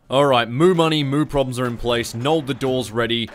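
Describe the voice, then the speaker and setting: An Australian man chats his way through a strategy game, swearing freely and tossing off sarcastic asides, his voice at an everyday middle pitch. Faint guitar music plays underneath. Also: normal speed, few pauses. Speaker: gaming YouTuber. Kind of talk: casual gameplay commentary.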